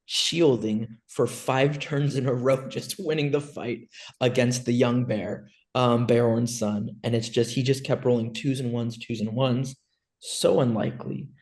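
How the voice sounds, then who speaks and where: A man hosting a relaxed podcast with friends, telling his stories in a lively way. He acts out both sides of each exchange as he goes, and his voice sits at an ordinary middle pitch. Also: unhurried. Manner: animated storyteller, acts out both sides of the talk. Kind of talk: casual podcast chat.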